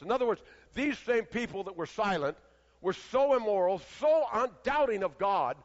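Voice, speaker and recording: A man preaching a sermon who swings between loud, declaiming passages and hushed, quiet ones. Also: high voice. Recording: long hall reverb, dull lo-fi sound.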